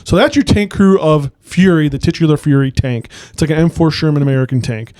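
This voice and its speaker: A podcast co-host, a man with a slightly raised pitch, talks in loose rambling bursts full of "like" and casual swearing. His voice is recorded close and dry, with no room sound. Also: expressive, brisk, a little mellow, no room sound. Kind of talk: casual movie podcast chat.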